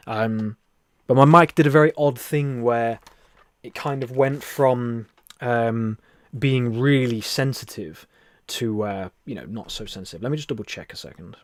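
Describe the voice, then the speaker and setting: Hosting a live stream through a headset mic with headphones, a man reads viewer comments in a friendly, chatty way and calls people "buddy." His voice is medium-pitched and unhurried, moving between a soft near-whisper and louder talk, with frequent laughter.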